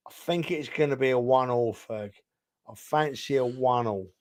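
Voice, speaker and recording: With a medium-pitched, darkish voice at a moderate pace, this podcast co-host chats casually about football while slightly tipsy. His talk is rambling and emphatic, and he constantly calls the other host "son."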